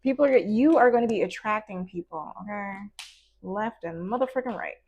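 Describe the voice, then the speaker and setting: A woman's voice: mid-range voice, moderate pace, a little mellow, muffled recording. Chatty playful woman tarot reader. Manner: chatty and playful, with slang and asides to spirit; acts out little quoted voices in between. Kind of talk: casual tarot reading.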